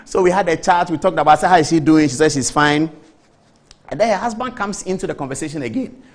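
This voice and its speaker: A man in his forties with a Ghanaian accent, telling an animated story on a TV talk show and mimicking the people he quotes. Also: on the high side, quick pace. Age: 40s.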